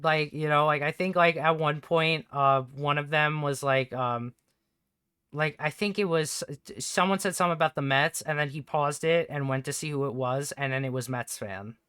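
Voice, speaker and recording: A man streaming from home, chatting casually in a rambling, halting way, swearing often. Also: a little high, bright, forceful tone, smooth, no echo, clean studio sound. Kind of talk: casual livestream chat.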